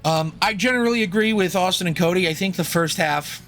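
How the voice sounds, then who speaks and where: A man's voice: high-pitched, a little fast, fairly bright tone, a little hiss or hum. A young man co-hosting a film podcast, talking in a rambling, jokey, profane way. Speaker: podcast co-host reviewing a film. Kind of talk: casual chat.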